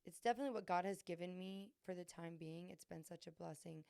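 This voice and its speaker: A woman's voice: fairly low pitch, fast talker, vocal fry, warm tone, dry recording, studio quality. A young adult woman hosting a podcast, talking candidly and earnestly about her struggles, with many fillers and restarts. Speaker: podcast host. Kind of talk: candid confessional chat.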